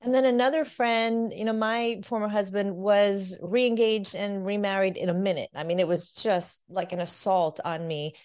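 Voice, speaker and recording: A woman working as a divorce coach, speaking candidly in an interview and telling her story with lively acted quotes. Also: mid-range voice, normal speed, few pauses, clean tone. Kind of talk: interview conversation.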